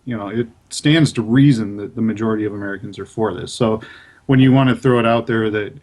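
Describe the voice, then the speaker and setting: A man's voice: on the low side, quick pace, a little mellow. A young adult man co-hosting a casual podcast chat, speaking in a conversational way and hedging his claims. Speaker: podcast co-host.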